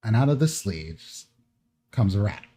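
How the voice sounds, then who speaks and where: A man narrating as game master in a relaxed, rambling way with many fillers. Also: on the low side, a little slow, slightly rough.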